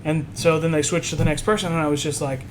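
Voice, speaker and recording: A man on a podcast, casually telling an animated story and acting out what others said. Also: a little high, fast talker, a crowd in the background, rough recording. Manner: animated storytelling, acts out quotes. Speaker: podcast co-host. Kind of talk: casual chat.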